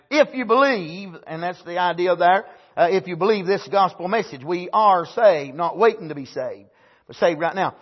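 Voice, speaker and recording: A man preaches a sermon in a high, husky voice. He leans on every point with "amen," climbing to near-shouted emphasis before settling into quiet teaching. The church recording sounds dull and lo-fi. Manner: emphatic, punctuates phrases with "amen"; swings from raised, near-shouted emphasis to low, quiet explanation.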